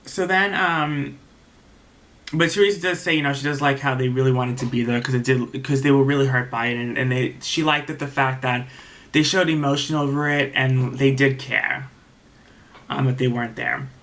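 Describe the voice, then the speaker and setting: A man's voice: medium pitch, fairly even intonation, moderate pace, fairly bright tone. A man recapping a reality show episode in a casual, rambling way, retelling what the cast said and openly taking sides, with many ums and restarts.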